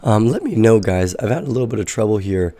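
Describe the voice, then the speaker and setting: A man hosting a casual crypto trading livestream, his voice raspy from being sick, talking in a relaxed, rambling way with fillers. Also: lowish voice, quick pace, no echo. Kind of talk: casual livestream market analysis.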